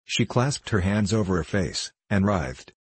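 A man narrating an audiobook in a measured, formal storytelling manner. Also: low voice, lively intonation, breathy edge, no room sound.

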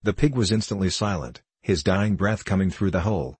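A man narrating a classic novel in a steady, measured way. His voice is very deep with a husky edge. The sound is close and dry. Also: no room sound. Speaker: audiobook narrator. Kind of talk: scripted narration.

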